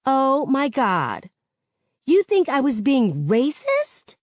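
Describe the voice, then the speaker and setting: A woman voicing a blunt, defensive teenage girl who bursts out loudly and in disbelief. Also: sits high, wildly swooping pitch, slow, no room sound, voice pushed up, heavily acted. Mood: indignant. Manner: loud, incredulous outbursts. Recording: dull, muffled audio.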